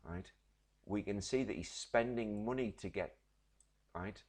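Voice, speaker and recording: A deep-voiced man teaches a recorded literature lesson. He explains patiently, step by step, and keeps checking in with his class. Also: unhurried, a little mellow. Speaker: English teacher.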